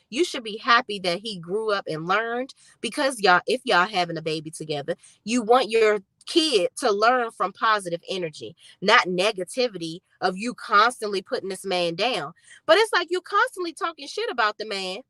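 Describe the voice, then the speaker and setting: A woman's voice: fairly high pitch, sharp tone, no echo. A woman giving casual show recap commentary, blunt, sassy and profane. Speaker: TV recap vlogger.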